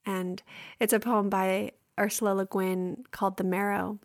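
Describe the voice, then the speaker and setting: A woman hosting a podcast who speaks calmly and gently and reads a poem aloud. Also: mid-range voice, no room sound, studio quality. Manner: calm, unhurried, gentle. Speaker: podcast host.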